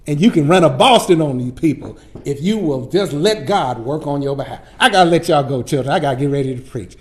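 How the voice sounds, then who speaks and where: A middle-aged man, a pastor teaching Sunday school, telling folksy stories in a lively preaching style. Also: on the high side, fairly quick. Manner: animated, folksy preacher who acts out his stories. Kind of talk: storytelling sermon-style lesson.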